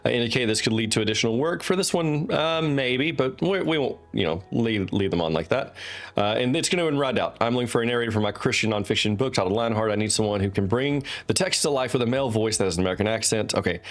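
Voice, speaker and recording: A man's voice: mid-range voice, fast talker. A man, an author and host, walking through a website in loose, unscripted talk at his desk. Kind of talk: casual screen-share walkthrough. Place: desk with teleprompter.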